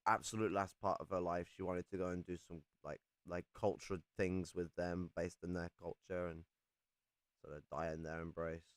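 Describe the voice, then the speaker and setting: A man's voice: low voice, level tone, moderate pace, no echo. A young man from England in casual chat, rambling and swearing a lot as he talks.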